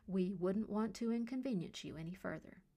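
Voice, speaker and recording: A man's voice: sits high, moderate pace, dark tone. A woman voicing a smug male police officer who reads out fines in a glib, mockingly polite way.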